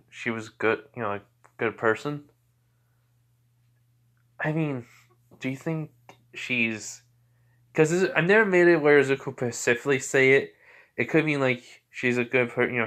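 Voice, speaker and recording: A man's voice: medium pitch, fairly bright tone. A young man casually improvising a fan story, rambling with lots of fillers. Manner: rambling, many fillers like "you know" and "he's like".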